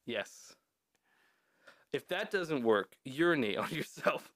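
A man's voice: fairly high pitch, sing-song, takes it slowly, a bit bright, no room sound, studio quality. A man hosting a casual podcast, telling a folklore story in a joking, mock-serious way and swearing often. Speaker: podcast host.

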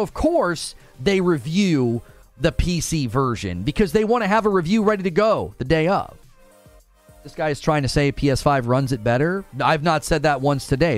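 A man hosting a casual livestream, reading chat and acting out his own reactions in lively commentary. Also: on the high side. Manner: animated, acts out his own past thoughts. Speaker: livestream host.

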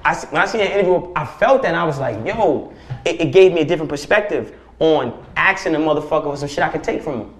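A man speaking as a podcast guest, preaching forcefully with profanity and rhetorical questions. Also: a little high, lively intonation, quick pace, few pauses. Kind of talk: impassioned podcast conversation. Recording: roomy echo.

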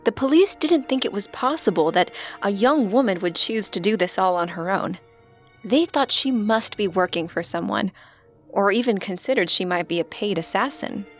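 A woman narrating a scripted true-crime story as podcast co-host, in a steady storytelling delivery. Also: medium pitch, normal speed, faint music behind.

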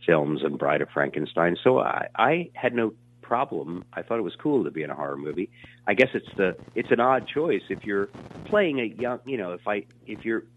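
A man in his sixties telling stories in an interview, rambling and animated, with many fillers and restarts. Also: fairly low pitch, normal speed. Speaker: actor being interviewed. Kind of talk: casual storytelling interview. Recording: tinny phone line.

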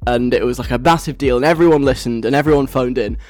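A man's voice: mid-range voice, fast, darkish tone, no echo, clean studio sound. A young man DJing on the radio, chatting casually in a giggly, rambling way.

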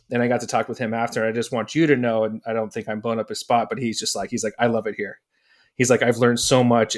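A man hosting a podcast in casual chat, loose and rambling with many fillers. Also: medium pitch. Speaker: podcast host.

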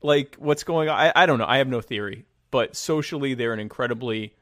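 A man in casual political chat, rambling and sarcastic, with many halting restarts. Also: mid-range voice, fairly bright tone, no room sound, clean studio sound.

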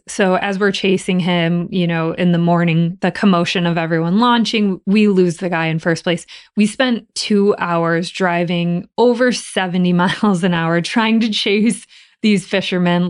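Woman podcaster telling a story, smooth clear voice, laughs a lot. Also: on the low side. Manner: warm, chatty, laughs often. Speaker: podcast host.

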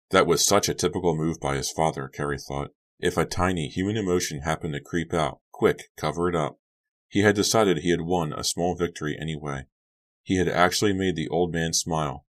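A man narrating an audiobook in an even, measured storytelling voice. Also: a bass voice.

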